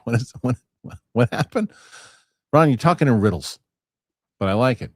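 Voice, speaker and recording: Animated man hosting a chat show. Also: mid-range voice, dry recording. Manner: animated, swearing, quick asides. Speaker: show host. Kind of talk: casual chat reading viewer comments.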